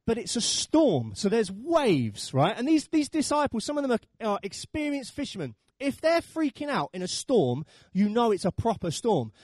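A man's voice: very high-pitched, huge pitch swings, normal speed, a little mellow, no room sound, studio quality. A man preaching a sermon, telling the story with animation and acting out the voices.

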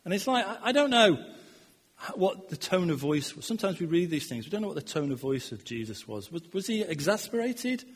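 High-voiced preacher in a reverberant hall. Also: male voice, big pitch swings, a little fast, husky. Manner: earnest, repeats words, voice swells and drops. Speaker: pastor. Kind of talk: sermon.

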